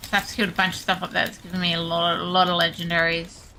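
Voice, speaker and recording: A young Australian woman chatting casually with her viewers while streaming a game, self-deprecating and quick to laugh. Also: on the low side, little pitch movement, pushed and bright, a little hiss or hum. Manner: chatty, self-deprecating, laughs often, reads chat aloud. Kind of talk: casual gaming stream chat.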